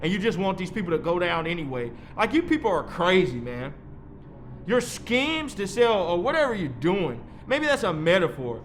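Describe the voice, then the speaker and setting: A man's voice: sits high, big pitch swings, normal speed, slight background noise. A man in his thirties delivering a rambling, heated monologue, swearing freely as he lectures. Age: 30s. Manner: heated, profane, preachy. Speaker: vlogger.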